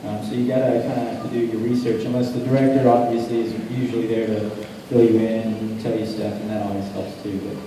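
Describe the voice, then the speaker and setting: A man's voice: fairly low pitch, flat delivery, fast, warm tone. A man, a voice actor guest, answering fan questions in a laid-back, rambling way, laughing often. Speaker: voice actor guest at a convention panel. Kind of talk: casual convention Q&A storytelling. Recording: echoey convention hall, distant mic, noisy.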